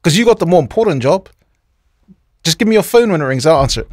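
A man's voice: a little high, sing-song, quick pace, darkish tone, dry recording, clean studio sound. A man co-hosting a radio show, talking in loose, joking banter. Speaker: radio co-host.

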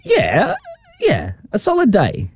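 A man's voice: high-pitched, wildly swooping pitch, slow, creaky, breathy edge, dry recording. A man co-hosting a radio show, playful and cheeky, often laughing as he talks. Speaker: radio co-host. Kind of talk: radio drive-show banter. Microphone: studio microphone.

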